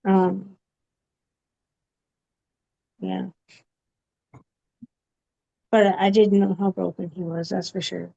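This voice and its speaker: A woman giving a personal testimony in an interview, speaking haltingly with many pauses and fillers. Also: medium pitch, flat delivery, mellow. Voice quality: gravelly. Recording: dull, muffled recording.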